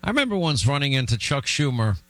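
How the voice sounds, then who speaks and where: A man's voice: mid-range voice, fast, dry recording, low-quality recording. A man hosting a political talk show, telling stories bluntly with lots of restarts. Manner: blunt, animated storytelling with restarts.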